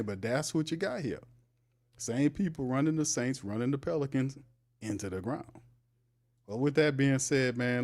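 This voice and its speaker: This host of a laid-back livestream sports show has a fairly low, somewhat dark voice. His talk is loose and slangy, full of laughter, and he keeps ribbing the people in the chat.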